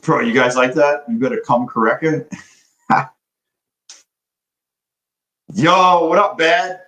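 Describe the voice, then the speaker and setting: A man's voice: a little high, slow pace, fairly bright tone, poor audio. A young man day trading live, chatting loosely with his stream viewers and swearing now and then. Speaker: livestream day trader. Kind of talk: casual live-stream chat.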